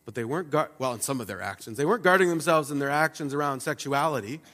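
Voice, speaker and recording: A man preaching a sermon in a church, animated, acting out the voices of God and the people as he speaks. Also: on the high side, fast, long reverb tail. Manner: animated, acts out God's and the people's words. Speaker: pastor. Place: church sanctuary.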